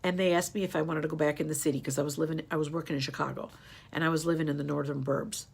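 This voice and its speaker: Low raspy woman in her 50s, chatty and rambly on her youtube channel. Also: fairly even intonation, rapid-fire, darkish tone. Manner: chatty, rambling, gets emotional. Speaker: beauty YouTuber. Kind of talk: casual tag video chat.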